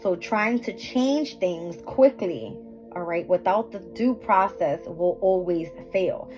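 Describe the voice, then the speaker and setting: A woman's voice: fairly low pitch, slow pace, a little mellow, poor audio. A woman giving a casual astrology and tarot reading to viewers at home, scattered and swearing, often tripping over her words. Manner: scattered, swearing, self-interrupting, laughing at own slips. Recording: background music playing.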